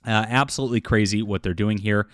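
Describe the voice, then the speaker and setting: Dry, low-voiced male commentator. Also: a bit bright, no room sound. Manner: halting, full of fillers and restarts, derisive chuckles. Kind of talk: casual opinion commentary.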